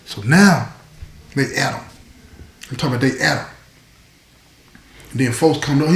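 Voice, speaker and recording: Animated storytelling man, echoey room. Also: mid-range voice, moderate pace, gravelly, pauses often. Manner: animated, acts out quoted voices. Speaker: host.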